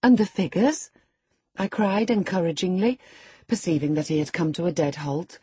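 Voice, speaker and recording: A woman voicing a spirited, proud young woman who tells her story in a lively, scornful way. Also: fairly low pitch, moderate pace, husky, no room sound. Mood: animated.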